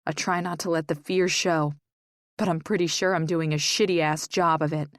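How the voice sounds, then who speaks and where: Low-voiced woman narrating tensely. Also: fairly even intonation, moderate pace, dry recording, studio quality. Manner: tense, emotional reading. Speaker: audiobook narrator. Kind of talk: first-person romance audiobook narration.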